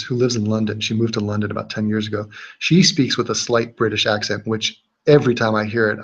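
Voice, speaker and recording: The audio is dull, and the host's mid-range voice has a husky quality. He's running a livestream, reading chat comments aloud and chatting in a loose, joking, rambling way with fillers and restarts.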